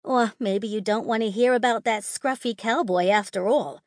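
A woman's voice: fairly high pitch, moderate pace, no echo, studio quality, natural voice. A woman voicing a smug, teasing mother figure with a sing-song, condescending manner in an audiobook.

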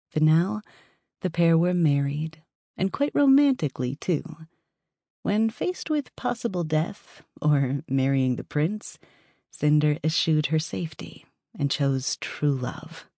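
A woman narrating a fantasy audiobook in a lively storytelling manner with rising emphasis. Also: low-pitched, husky, no room sound, clean studio sound. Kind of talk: scripted narration.

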